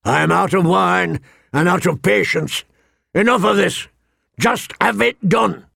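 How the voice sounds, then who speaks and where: A man's voice: a little high, very animated, unhurried, no room sound, studio quality, voice pushed up, heavily acted. A man voicing a furious middle-aged king who bellows and chokes with rage.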